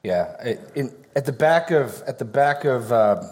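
A man's voice: mid-range voice, expressive, a little slow, a little mellow, breathy edge. A man, a pastor, answering audience questions in a church discussion with firm, conversational speech.

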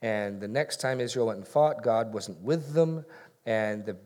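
A middle-aged pastor delivers a sermon with audience Q&A, speaking conversationally, poking fun at himself and acting out snippets of dialogue. His voice sits lowish, with a darkish tone and a slightly slow pace.

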